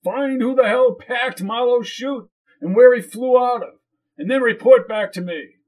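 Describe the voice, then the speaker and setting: Commanding wealthy older man, voiced by a male narrator; barks orders, pitched up. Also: normal speed, close to an everyday voice.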